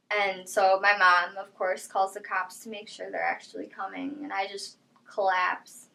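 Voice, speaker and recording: A young woman speaks in an interview, recounting a personal story. Her voice sits at an ordinary mid pitch. She talks quietly and haltingly, often letting her phrases trail away. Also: flat delivery, gravelly, low-quality recording. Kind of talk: personal testimony.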